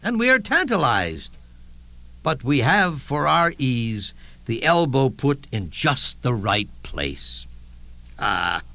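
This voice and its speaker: A man's voice: mid-range voice, very animated, takes it slowly, pushed and bright, full character voice. An actor playing a witty elderly statesman, telling wry anecdotes in a theatrical one-man stage monologue with chuckling asides. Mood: amused.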